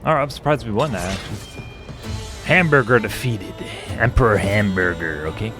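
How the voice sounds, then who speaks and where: A man's voice: medium pitch, animated, fairly quick, music in the background. A man giving casual let's-play commentary, joking and teasing himself as he thinks aloud through his gear choices. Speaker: gaming streamer playing through a game.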